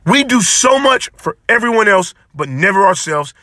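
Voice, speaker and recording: A man hosts his solo podcast with a high, bright voice, pressing his points with passion and repeating phrases like a sermon. The sound is dry and close, with no room around it. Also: very animated, moderate pace, no room sound. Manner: impassioned, preachy, repeats phrases for emphasis. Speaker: podcast host. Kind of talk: solo motivational podcast talk.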